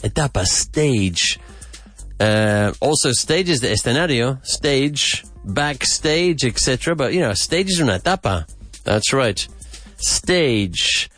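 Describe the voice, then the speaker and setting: A man hosting a podcast vocabulary lesson, repeating words slowly and with emphasis. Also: medium pitch, lively intonation, fairly bright tone, faint music behind. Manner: slow, emphatic repetition of words. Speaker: English teacher and podcast host.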